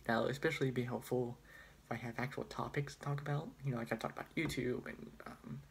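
A man's voice: medium pitch, fairly even intonation, quick pace, gravelly, slight background noise. A young man vlogging casually on his phone, rambling and hesitant with a self-deprecating manner. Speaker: student vlogger. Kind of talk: casual chat.

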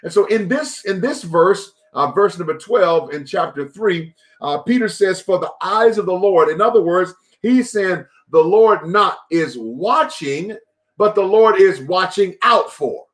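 Man, pastor, devotional sermon, slightly higher-pitched voice, loops back over his phrases with lots of filler words. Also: expressive, measured pace. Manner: repeats phrases, many fillers and restarts.

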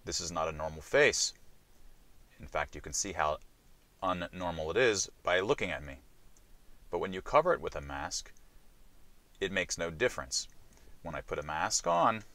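Very low-voiced man explaining science. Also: a bit bright, dry recording. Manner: deliberate, explanatory delivery. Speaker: science show host. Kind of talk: short science explainer to camera.

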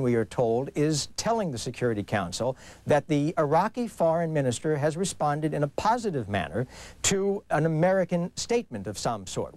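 A man's voice: fairly high pitch, a little mellow, no room sound. A male correspondent reporting live from the United Nations, carefully recapping unconfirmed news.

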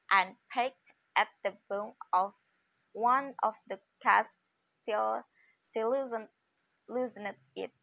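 A woman's voice: mid-range voice, vocal fry, bright, forceful tone, dry recording, low-quality recording. A woman reading a fairy tale aloud carefully, often restarting phrases. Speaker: reader.

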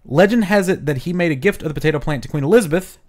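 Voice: mid-range voice, racing, darkish tone. A podcast co-host reading out history facts in a casual chat, with jokey asides.

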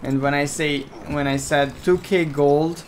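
A man's voice: on the high side, steady tone, measured pace, slight background noise. A man whose first language is Romanian, casually commentating a strategy game match with a friend, chatty and getting heated when he argues.

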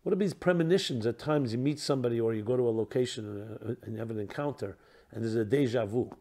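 A man speaking as a rabbi in a reflective teaching talk, posing rhetorical questions and trailing off softly at the ends of phrases. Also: mid-range voice, fast talker.

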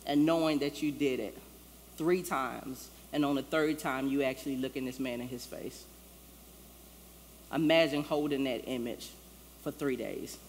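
A woman's voice: extremely low pitch, measured pace, a little mellow, a little hiss or hum. Conversational woman pastor in a reverberant church. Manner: conversational, acts out quoted lines. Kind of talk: sermon. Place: church sanctuary. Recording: long church-hall reverb, faint ambience.

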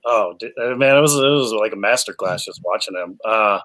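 A man's voice: fairly low pitch, a little fast, fairly bright tone, rough recording. Enthusiastic male actor telling set stories. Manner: enthusiastic storyteller, many fillers and restarts. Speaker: actor guest. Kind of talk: casual chat, animated anecdotes.

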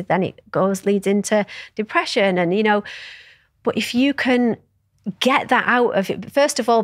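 A woman's voice: mid-range voice, dry recording, studio quality. A woman guest telling personal stories in an open, reflective way, swearing freely as she talks. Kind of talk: candid conversational storytelling.

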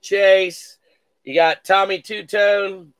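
A man's voice: high voice, steady tone, slow, a bit bright, clean tone. A man hosting a live card-breaking stream, reading out pulls with hype catchphrases and playful mock-cursing.

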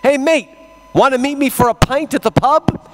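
A man's voice: very high voice, normal speed, fairly bright tone, pitched above the performer's own voice. A man voicing a chatty British stranger in an airport restroom, talking in a breezy, overfamiliar way. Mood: inviting.

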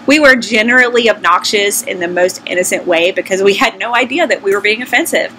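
A middle-aged woman from the American South vlogs in a casual, conversational way, telling candid, self-deprecating personal stories to her audience. Her voice is medium-pitched, pushed and bright, at a moderate pace, and the recording quality is low.

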